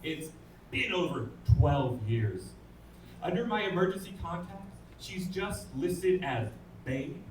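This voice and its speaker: A man's voice: sits high, big pitch swings, takes it slowly, slight background noise. A man, doing a stand-up comedy set with dry, self-deprecating punchlines. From England. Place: comedy club stage. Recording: roomy club sound from a distance. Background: audience laughter.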